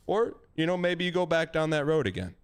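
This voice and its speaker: A man with a somewhat high, lively voice gives blunt dating advice, emphatic and animated, mixing in folksy comparisons. He sounds like a host in a casual stream chat. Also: brisk, smooth.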